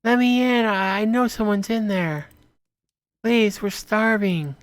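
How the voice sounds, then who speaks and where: A man voicing a starving young mother begging at a door, in a high pleading voice. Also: slow pace, clear, resonant tone, no room sound.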